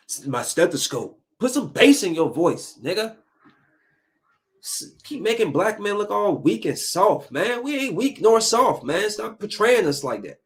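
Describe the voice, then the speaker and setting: A man in his thirties hosting a podcast, giving a casual solo commentary in an animated, emphatic ranting style full of slang. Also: sits high. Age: 30s. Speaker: podcast host.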